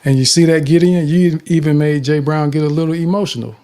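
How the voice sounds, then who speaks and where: A man's voice: fairly high pitch, brisk, warm tone. A man hosting an online speaking group, giving upbeat feedback and numbered tips. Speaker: host and speaking coach. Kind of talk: group coaching session.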